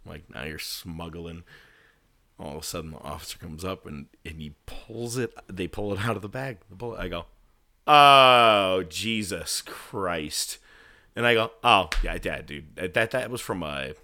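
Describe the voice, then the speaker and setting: A man casually telling a story, animated, swearing and laughing at his own misfortune. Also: sits low, brisk, few pauses. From California.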